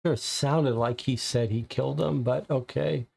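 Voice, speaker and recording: His voice medium in pitch, a little mellow and touched with vocal fry, this co-op player keeps a steady tone and goes a little slow. He casually chats through a mystery game's clues in live play, confused and frustrated.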